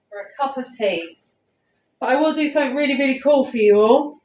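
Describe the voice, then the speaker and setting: Streaming live at night from an echoey house on her phone, a paranormal investigator talks a little fast in a high-pitched, darkish-toned voice. Her chat is casual and rambling, with lots of ums.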